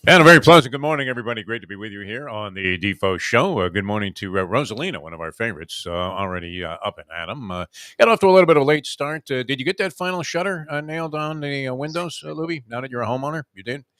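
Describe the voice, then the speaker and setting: An older man hosting a morning radio show, telling rambling stories with lots of "uh" fillers and shouting out quoted lines. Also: medium pitch, animated, fast talker, dry recording, clean studio sound. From South Florida resident for over forty years. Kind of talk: casual morning radio chat.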